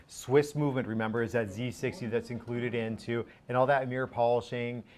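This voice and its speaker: A man appearing as a watch brand expert on a live shopping show, speaking in a relaxed, talkative way with fillers. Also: mid-range voice, fairly quick. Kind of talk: product explanation on live shopping TV. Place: television studio.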